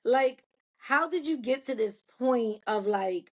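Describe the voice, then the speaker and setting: A woman's voice: fairly high pitch, animated, slow pace. A woman hosting a casual interview, asking long, rambling questions full of fillers. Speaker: podcast host.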